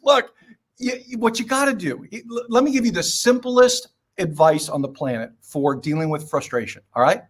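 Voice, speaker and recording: High-pitched, emphatic older man. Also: a little fast, few pauses, husky. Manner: emphatic, preachy storyteller with punchy short phrases. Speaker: guest. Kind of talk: motivational podcast talk.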